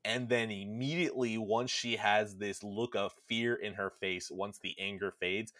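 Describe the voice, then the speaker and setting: A man hosting a podcast, retelling a game's story in a casual, animated way and quickly jumping into quoted lines from the characters. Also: fairly low pitch, no room sound, clean studio sound. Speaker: podcast host.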